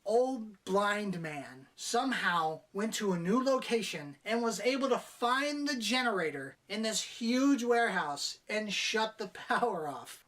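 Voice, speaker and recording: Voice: medium pitch, expressive, a little slow, hardly any pauses, a bit bright, recorded from a distance. Blunt, exasperated movie reviewer. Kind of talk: casual spoken film review.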